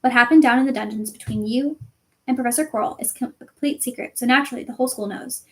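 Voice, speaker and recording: Dumbledore, a woman voicing a calm old headmaster. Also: fairly high pitch, fast talker, close to an everyday voice. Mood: gently amused. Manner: calm, gentle, dry humour. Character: kindly old male headmaster, calm and gently amused.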